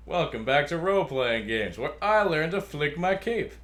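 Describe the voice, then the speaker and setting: A man riffing through let's-play commentary in a goofy, self-mocking way. His pitch swings all over the place, and the room around him rings with echo. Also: expressive, moderate pace, a bit bright. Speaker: game player and co-host. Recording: roomy echo.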